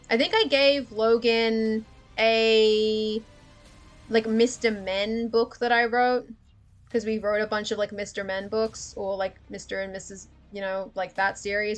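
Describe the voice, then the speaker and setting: A young woman rambles through a casual livestream chat, blunt and sweary, breaking into laughter as she talks. Her voice sits a little higher than most, with faint music playing underneath. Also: fairly even intonation, normal speed. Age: young adult. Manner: candid, profane, laughs often. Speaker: livestream host.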